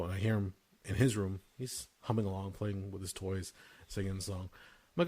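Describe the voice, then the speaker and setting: A man's voice: low voice, level tone, normal speed. A man in his thirties hosting a podcast, telling casual stories, swearing freely and laughing through them. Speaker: podcast host. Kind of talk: casual storytelling chat.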